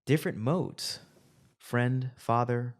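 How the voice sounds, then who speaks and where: A man's voice: mid-range voice, slow. A man co-hosting a casual spiritual podcast chat, laid-back and playful. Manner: laid-back, playful, slips into excited put-on voices. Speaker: podcast co-host.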